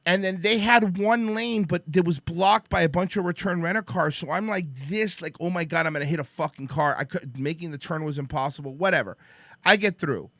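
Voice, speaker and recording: A man's voice: a little high, a little fast, dry recording. A man hosting a talk show, telling a story in casual chat, swearing and acting out the people he met. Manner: animated, profane, acts out the other people in the story. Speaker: podcast host telling a story.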